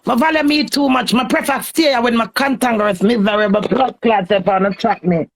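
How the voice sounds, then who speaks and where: A woman's voice: a little high, fairly even intonation, fairly quick, creaky. A Jamaican woman in a heated, cursing, confrontational rant on a phone live stream.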